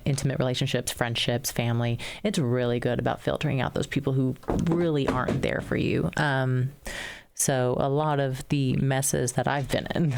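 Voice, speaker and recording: A woman in her thirties tells stories in a casual podcast chat. Her voice has a gravelly fry, and she talks in an animated way, laughing often and acting out the people in her stories. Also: very deep voice. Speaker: podcast co-host, wrestler.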